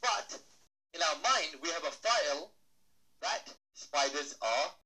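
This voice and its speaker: A man's voice: a little high, expressive, slow, sharp tone, poor audio. A man giving a playful talk to a live audience as a motivational speaker, asking the crowd questions and acting out little voices.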